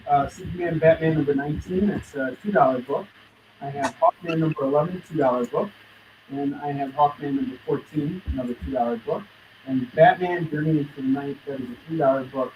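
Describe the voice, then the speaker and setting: A man's voice: fairly high pitch, darkish tone, slight background noise. A man hosting a live comic book sale, running through titles and prices in hustling sales patter. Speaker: host selling comics on a live stream. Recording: distant dull lo-fi stream audio.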